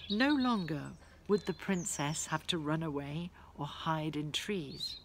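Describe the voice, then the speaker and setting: Woman, storybook reading, slow, lowish voice, background noise. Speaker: author narrating her book.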